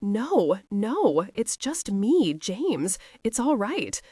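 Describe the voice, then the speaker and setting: A woman reads a steady husband talking low and slow to calm his terrified wife, his voice soft and soothing in this audiobook romance. The delivery is dry and close, with a lively melody. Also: breathy edge, no echo, full character voice. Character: steady man calming his frightened wife.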